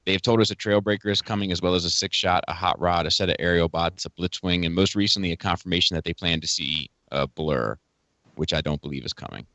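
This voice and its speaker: A man's voice: sits low, fast, sharp tone, no room sound. A man co-hosting a casual podcast, reading a listener question aloud with easygoing restarts. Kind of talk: casual group chat.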